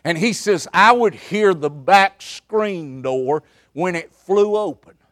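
A man preaching with a drawl, his voice sitting a little high for a man. He stretches his words out slowly and leans on each one. He lurches from loud cries to near-whispers. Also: lively intonation. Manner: dramatic, swinging between loud outbursts and hushed asides. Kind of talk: revival sermon. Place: camp meeting service.

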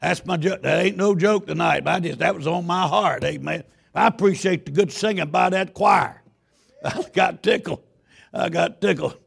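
A man preaching a sermon in a church. He is a loud, folksy Baptist pastor who tells stories with stammering restarts. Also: high voice, normal speed, creaky, husky. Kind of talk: sermon with storytelling.

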